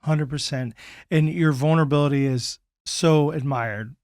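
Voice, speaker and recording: A man's voice: fairly high pitch, measured pace, a little mellow, no echo, studio quality. A man hosting a podcast, affirming his guest and talking with many restarts and repeated words. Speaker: podcast host. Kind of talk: conversational interview.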